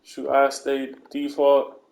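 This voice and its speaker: A man giving a casual, slangy voice-over, calmly walking through steps one by one. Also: mid-range voice, slow pace, vocal fry. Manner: relaxed, laid-back step-by-step instructions; slangy, conversational asides. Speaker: video game content creator.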